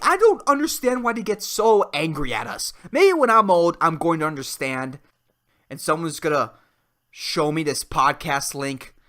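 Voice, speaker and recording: A man in his twenties hosting a solo podcast, ranting in a profane, excitable way and peppering his talk with "dude" and "man". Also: a little high. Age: 20s. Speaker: podcast host. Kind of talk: solo comedic rant.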